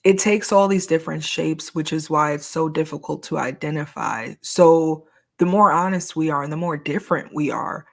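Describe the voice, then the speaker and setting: A woman's voice: sits low, normal speed, creaky. A young woman co-hosting a podcast, talking frankly and slangily in a casual, candid chat. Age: young adult. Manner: frank, slangy, animated storytelling. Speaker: podcast co-host.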